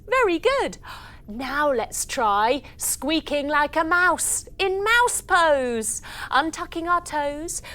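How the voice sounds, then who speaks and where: A woman's voice: high-pitched, fairly bright tone. A woman guiding children through a yoga class in a playful, sing-song way. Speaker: kids yoga instructor.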